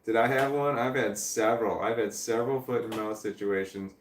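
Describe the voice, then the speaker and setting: A man's voice: mid-range voice, normal speed, hardly any pauses, reverberant, far from the mic, a little hiss or hum. A man hosting a casual livestream from a chair indoors, rambling and self-deprecating as he answers chat. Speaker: livestream host. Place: indoor room, seated in a creaky chair.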